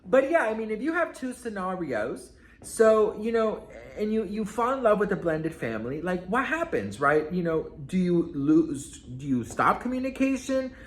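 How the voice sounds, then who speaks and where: A man's voice: high voice, sing-song, moderate pace, reverberant, rough recording. A man from Miami chatting casually about celebrity gossip in a sassy, campy way, full of asides.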